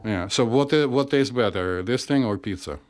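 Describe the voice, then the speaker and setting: A man's voice: mid-range voice, normal speed, a little mellow. A middle-aged man with a Russian accent, co-hosting a casual chat and joking wryly as a psychiatrist. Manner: wry, joking, slightly non-native phrasing. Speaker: podcast co-host, psychiatrist.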